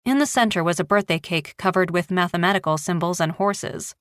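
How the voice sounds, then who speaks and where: A woman narrating a thriller audiobook in a steady, even manner. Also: fairly low pitch, brisk, no echo, studio quality. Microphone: close studio mic.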